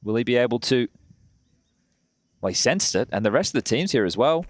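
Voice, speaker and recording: A man's voice: medium pitch, very animated, fairly quick, dry recording. A man calling play-by-play in a live esports match, with dry teasing between plays. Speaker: esports caster.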